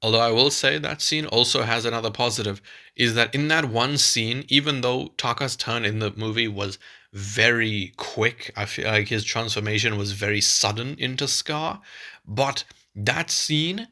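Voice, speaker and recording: Guy reviewing a movie, bright voice, keeps restarting, fed up. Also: mid-range voice, normal speed. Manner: rambling, exasperated, many restarts and fillers. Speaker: film reviewer. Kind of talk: casual video review.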